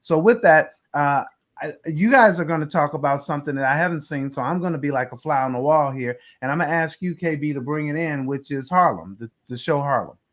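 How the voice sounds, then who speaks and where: A man hosts a casual film roundtable and hands the floor to his guests. His voice sits a little high, and he talks in a relaxed, thoughtful way. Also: brisk. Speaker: show host.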